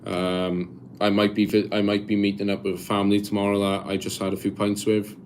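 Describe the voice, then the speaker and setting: A Welsh man in his twenties chatting casually on a live stream, reading viewer comments aloud and answering in a halting, rambling way with lots of restarts. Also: lowish voice, completely flat delivery, a little mellow, a little hiss or hum. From Wales. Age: 20s.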